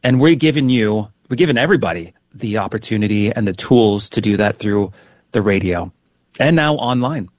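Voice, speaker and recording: A man hosting a radio fundraising appeal, speaking briskly and repeating the call-in details. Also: fairly low pitch, animated, no room sound. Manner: brisk, repeats phone numbers. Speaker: radio host.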